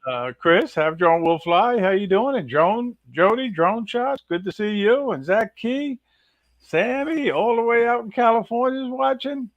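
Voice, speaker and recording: A man's voice: extremely high pitch, lively intonation, measured pace, dry recording, lo-fi sound. A man co-hosting a livestream, greeting viewers one after another in an upbeat way. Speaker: co-host. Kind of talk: casual livestream chat.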